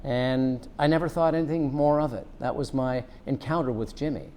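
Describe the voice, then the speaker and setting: Middle-aged guy telling an old cop story, earnest, takes his time, normal pitch. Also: dark tone, a little hiss or hum. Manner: earnest, unhurried, draws out a lesson. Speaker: former police officer telling a personal story. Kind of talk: reflective personal storytelling.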